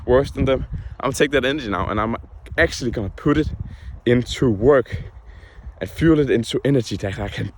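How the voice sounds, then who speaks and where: A man's voice: mid-range voice, fairly quick, slight background noise. Young man venting in a casual vlog. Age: young adult. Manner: frank, heated, swears often. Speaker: vlogger.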